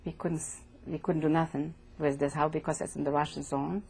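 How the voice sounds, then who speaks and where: An older woman from Poland giving oral history testimony as an interviewee, speaking haltingly and repeating words as she goes. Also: deep voice, little pitch movement, mellow. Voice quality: gravelly, husky.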